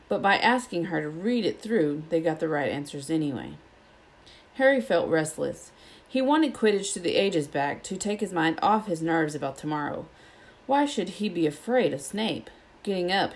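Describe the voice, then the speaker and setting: A woman reading a children's novel aloud in a steady, even storytelling manner. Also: sits low. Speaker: audiobook reader.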